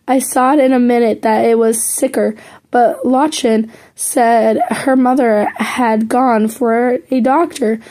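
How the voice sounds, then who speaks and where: A woman's voice: fairly high pitch, dark tone. A woman reading a classic novel aloud as an amateur audiobook narrator, with small slips that she corrects as she goes. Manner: plain reading with some slips and self-corrections. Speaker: audiobook reader.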